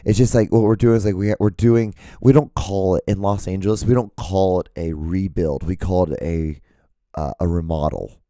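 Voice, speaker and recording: A man hosting his own show in a casual, rambling monologue, with a hoarse, cracking voice. He swears freely and his voice jumps high when he gets worked up. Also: moderate pace, no echo, clean studio sound. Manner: profane, excitable, voice jumps high when ranting. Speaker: podcast host. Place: home setup with lights and camera. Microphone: studio microphone.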